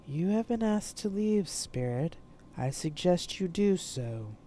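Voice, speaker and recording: A woman reading aloud, voicing a mysterious cloaked woman who speaks in a measured, stern way. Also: lowish voice, animated, warm tone, slight background noise.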